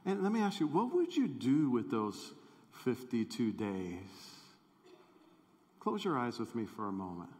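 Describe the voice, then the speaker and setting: A male pastor in a church hall preaches in a playful, conversational way and talks straight to his listeners. He speaks slowly, and his voice carries a long hall reverb. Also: medium pitch, sing-song, a little mellow. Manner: playful, conversational, audience-engaging. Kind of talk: sermon.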